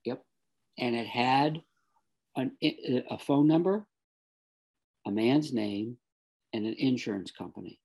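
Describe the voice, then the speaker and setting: A man, an interview guest, telling a personal story and acting out the people in it with lively quoted dialogue. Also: medium pitch, slow pace, long pauses, husky.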